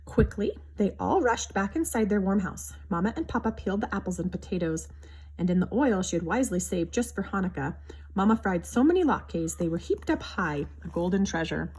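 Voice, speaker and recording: Female storybook reader; husky tone, animated pitch, expressive read-aloud delivery. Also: a little fast.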